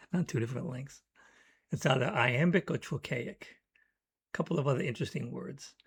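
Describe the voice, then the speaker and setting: In an educational talk, a poetry teacher thoughtfully explains his approach to writing poems and reads out short word examples. His voice is medium in pitch, creaky and husky.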